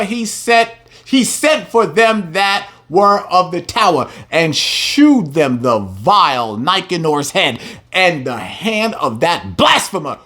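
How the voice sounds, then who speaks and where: Guy preaching off scripture, high voice, swings way up n down, reads verses then goes off loud. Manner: animated, emphatic, swings between reading and loud preaching. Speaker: religious teacher. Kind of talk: reading scripture with heated commentary.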